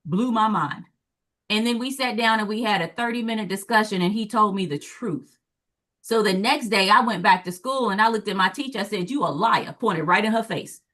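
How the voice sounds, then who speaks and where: Lively, bright-voiced Southern woman storyteller. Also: normal speed. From American South. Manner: animated storyteller, acts out quotes with big pitch jumps. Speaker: guest speaker, former teacher and parent. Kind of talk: storytelling in a talk show discussion.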